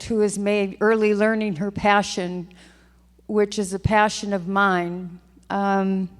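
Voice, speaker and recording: Older lady legislator giving a heartfelt speech, big echoey chamber. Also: medium pitch. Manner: heartfelt, emotional, repeats phrases. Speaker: state legislator. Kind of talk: floor speech. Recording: long hall reverb.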